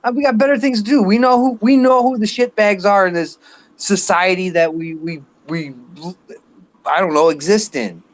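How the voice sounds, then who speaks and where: A man's voice: high-pitched, fairly even intonation, normal speed. A man in his late thirties ranting bluntly and swearing in a casual live chat. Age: late 30s. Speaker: guest on a live show.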